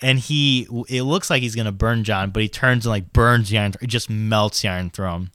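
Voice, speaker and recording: A man co-hosting a casual podcast, swearing freely and retelling scenes with quick quoted lines. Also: fairly low pitch, fairly bright tone, no echo, studio quality. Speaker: podcast co-host. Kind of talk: casual chat.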